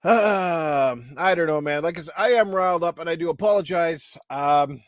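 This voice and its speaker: Male podcast host, angry profane rant, high pitch, dry close sound. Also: normal speed, no echo. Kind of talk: ranting gaming podcast.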